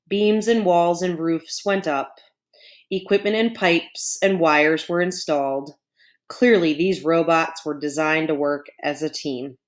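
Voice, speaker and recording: A woman reads a children's chapter book aloud in a low voice and a slow pace. She adds chatty asides to her young listeners between passages. Her reading is clear and easy to follow. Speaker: storyteller. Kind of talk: children's storybook read-aloud.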